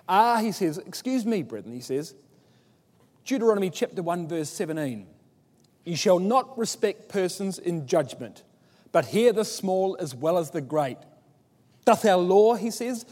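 With a slightly high voice and long hall reverb around him, a man preaches an expository Bible sermon. He's emphatic, posing rhetorical questions and quoting scripture with animation.

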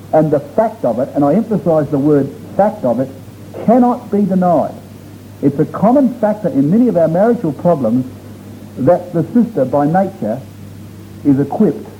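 A man preaching a sermon to his congregation, earnest and emphatic, drawing out key words for stress. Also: fairly high pitch. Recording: dull lo-fi recording with faint noise.

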